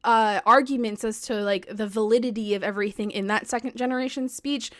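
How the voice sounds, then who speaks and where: A woman co-hosting a podcast, telling history in a casual, excitable way, full of "like" and the odd swear. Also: a little high, fairly quick. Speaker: podcast co-host.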